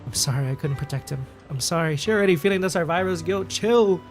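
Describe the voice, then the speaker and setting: A male streamer reacts to a game in a hyper, joking mood, swearing freely. His voice sits a little higher than most men's. He talks loosely into a desk mic, as if chatting live. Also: fast talker, faint music behind. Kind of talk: casual game reaction commentary.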